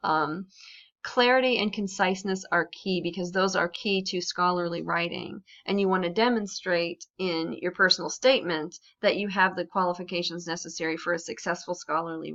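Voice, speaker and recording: Woman, writing instructor, conversational lesson, bright voice, muffled lo-fi sound. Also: on the low side. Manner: conversational, explaining with examples and frequent ums. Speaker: academic writing specialist.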